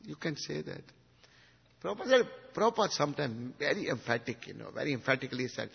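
Husky man giving a devotional lecture. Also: mid-range voice, animated, fast talker, pauses often. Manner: swings from hushed to emphatic, asks the audience questions. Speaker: spiritual teacher. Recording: dull recording in a reverberant hall.

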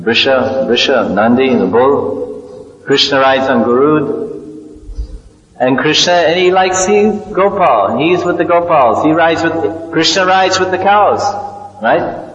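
A man's voice: medium pitch, a bit bright. A man giving a storytelling sermon, explaining terms and asking his listeners questions. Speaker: spiritual teacher. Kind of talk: sermon on scripture. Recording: echoey hall, dull lo-fi sound.

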